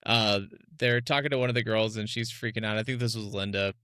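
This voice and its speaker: Bright-voiced, laughing podcast man. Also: lowish voice, fairly even intonation, quick pace, clean tone, no echo, studio quality. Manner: laughs a lot, bubbly and chatty. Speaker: podcast co-host. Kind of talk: casual podcast chat.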